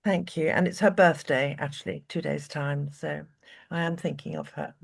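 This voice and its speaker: A woman reading her own poem on a video call in a slow, soft and tender way. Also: low-pitched, fairly even intonation, gravelly, slightly rough. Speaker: poet reading her work.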